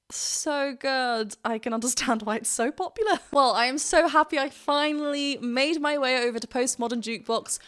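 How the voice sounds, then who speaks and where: A woman's voice: fairly high pitch, a bit bright. A woman vocal coach reacting to a song and explaining singing technique in an enthusiastic, explanatory way, laughing often.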